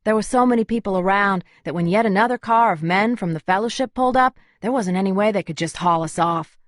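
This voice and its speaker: A woman's voice: mid-range voice, fast, dry recording, clean studio sound. Wry woman narrating an audiobook. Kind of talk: first-person audiobook narration.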